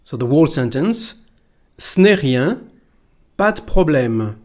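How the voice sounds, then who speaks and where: A man's voice: on the high side, big pitch swings, a little slow, darkish tone. A man with a French accent, a native French speaker from France, teaching pronunciation patiently and repeating phrases for learners. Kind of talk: slow pronunciation lesson.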